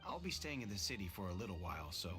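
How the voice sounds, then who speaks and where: A man's voice: deep voice, big pitch swings, quick pace, music in the background. An affable guard liaison man. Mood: earnest. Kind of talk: video game voice acting.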